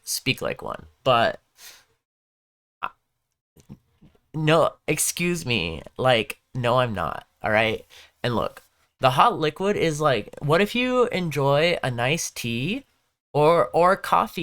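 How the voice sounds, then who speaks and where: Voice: mid-range voice, fairly bright tone. A game streamer with a Southern Californian valley-girl accent, chatting casually on a home stream into a desk mic, drawling and filling every sentence with "like" and "you know". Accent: Southern Californian, Valley Girl style. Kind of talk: casual live-stream chat.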